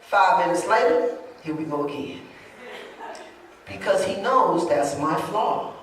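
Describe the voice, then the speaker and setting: A woman preacher, moving between loud shouted preaching and low, confiding talk in a sermon. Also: lively intonation, a little slow, a little hiss or hum. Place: church. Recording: echoey church hall, distant mic.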